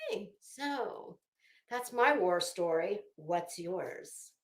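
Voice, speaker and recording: Feeling hot and sweaty at home, this fashion gossip commentator rambles through a self-deprecating, profanity-laced story in a chatty style. Her voice is on the low side, expressive and slow, recorded in an echoey room with slight background noise.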